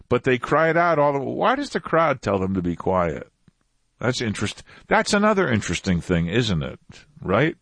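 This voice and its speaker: A man's voice: medium pitch, no echo. A man teaching a Bible passage in a conversational way, repeating phrases for emphasis. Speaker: preacher.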